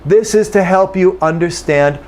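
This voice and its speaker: An American man gives an English pronunciation lesson. His voice sits a little high for a man, and he explains step by step, repeating key phrases so learners catch them. Now and then he slips into quick spoken examples. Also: darkish tone. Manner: drops into quick acted dialogue to demonstrate. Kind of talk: language lesson.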